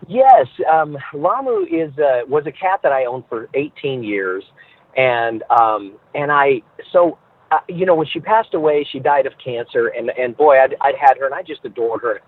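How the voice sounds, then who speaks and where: A man being interviewed as a guest, telling stories with animated, acted-out voices, heard over a phone line. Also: mid-range voice, normal speed, no echo. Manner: animated storyteller who acts out voices. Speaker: guest entertainer. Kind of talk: podcast interview, storytelling.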